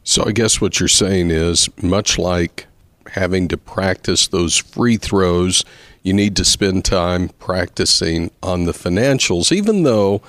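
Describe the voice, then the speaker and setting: Deep-voiced male interviewer. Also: animated, slow, a bit bright, no echo. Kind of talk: interview questions.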